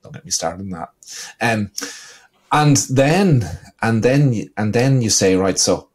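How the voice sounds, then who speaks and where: A man's voice: medium pitch, expressive, slow pace, slightly rough. A man with an Irish accent, co-hosting a casual business podcast and telling stories with lots of "you know". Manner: storytelling, leans on "you know". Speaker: podcast co-host.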